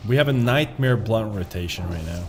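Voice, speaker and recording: A man's voice: on the low side, animated, moderate pace, noisy background. A man streaming a game, rambling casually with jokes, swearing and frequent laughter. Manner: rambling, profane, joking, laughs often. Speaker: gaming streamer. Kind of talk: casual chat while gaming.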